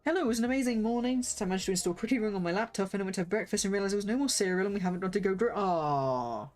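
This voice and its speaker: A young woman chats her way through a game stream, bouncing between casual rambling and sudden excited squeals. Her voice sits at an ordinary middle pitch, close on a desk mic. Faint game music plays underneath. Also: very fast. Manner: excitable, jumps into squeals and gasps. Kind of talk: casual game livestream chat.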